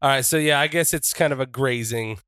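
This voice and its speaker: A man playing a tabletop wrestling role-playing game, animated and often laughing. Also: mid-range voice, brisk, smooth, no echo. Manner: animated, laughing, shouts in character. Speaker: player.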